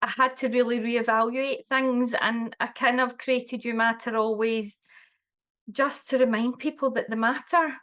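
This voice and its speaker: Earnest woman in her forties, fairly high voice, lots of ums and restarts, casual chat. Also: steady tone, measured pace. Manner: warm, earnest, with many fillers and restarts. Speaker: wellbeing guest. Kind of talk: casual conversation.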